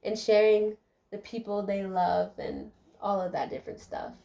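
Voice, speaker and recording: A woman's voice: medium pitch, little pitch movement, moderate pace, gravelly, dark tone. A young adult woman giving a casual, heartfelt life update to her viewers while doing her hair, talking chattily with many fillers. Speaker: vlogger.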